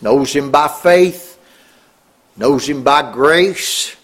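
A middle-aged man preaching a sermon, earnest, rising on key words and dropping low. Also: very slow, a bit bright.

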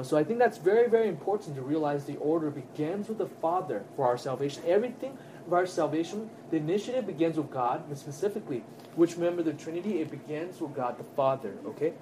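A man teaching a Bible study class, earnest and emphatic, often checking in with his listeners with quick tag questions. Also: fairly high pitch, background noise.

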